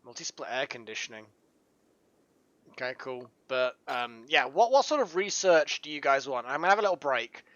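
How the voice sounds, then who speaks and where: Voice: mid-range voice, sing-song, moderate pace, a bit bright, no echo. A streamer chatting casually through a live game session, giggling often and rambling through restarts. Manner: giggly, keeps breaking into laughter; rambling, full of restarts and fillers. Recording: dull lo-fi dry mic.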